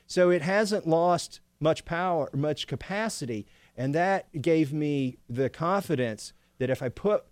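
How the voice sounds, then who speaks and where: A man's voice: fairly high pitch, lively intonation, unhurried, no room sound. A man, a congressman and guest, chatting casually and telling stories with frequent laughter. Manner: chatty storyteller, laughs often. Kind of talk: casual chat.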